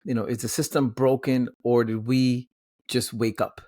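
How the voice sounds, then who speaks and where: A man's voice: medium pitch, flat delivery, normal speed, dark tone, dry recording, studio quality. A man co-hosting a casual podcast, asking thoughtful questions and searching for his words. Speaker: podcast co-host.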